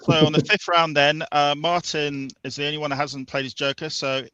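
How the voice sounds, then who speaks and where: A man's voice: fairly high pitch, level tone, a little fast, sharp tone, smooth, highs cut off. A man hosting a live-stream retro gaming quiz, upbeat and jokey as he runs the rounds. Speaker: host.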